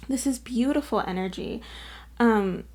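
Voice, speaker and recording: A woman's voice: fairly high pitch, a little slow, a little mellow, slight background noise. A woman giving a casual, effusive pick-a-card tarot reading to camera, earnest and full of fillers. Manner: chatty and effusive, full of "like" and "you guys"; earnest and openly moved while reading. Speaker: tarot reader.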